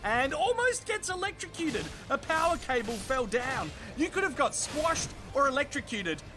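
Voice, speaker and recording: A man's voice: very high voice, very animated, normal speed, music in the background. An Australian man doing sarcastic, sweary comedic voice-over commentary on viral clips. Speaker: video reviewer.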